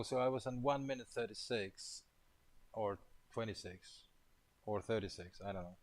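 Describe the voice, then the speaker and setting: A man's voice: on the low side, normal speed, poor audio. A man thinking aloud while live coding, muttering to himself in casual, half-finished and mildly profane remarks. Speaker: programmer leading a coding session.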